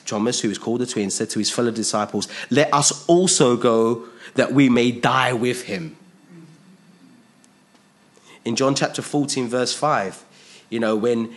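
A man preaching a sermon. He is emphatic, repeats his phrases and asks his listeners rhetorical questions. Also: mid-range voice.

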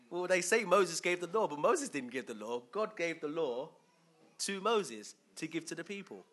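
Bright-voiced preacher. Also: male voice, on the high side, very animated, a little slow. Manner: chatty, asks the crowd questions, chuckles often. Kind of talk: conversational sermon with questions to the congregation.

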